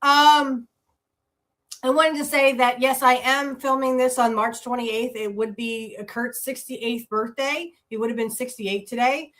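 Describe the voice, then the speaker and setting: A woman's voice: on the high side, steady tone, measured pace, fairly bright tone. A woman hosting a channel, chatting casually to viewers after archive footage. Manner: chatty, laughing asides. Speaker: channel host.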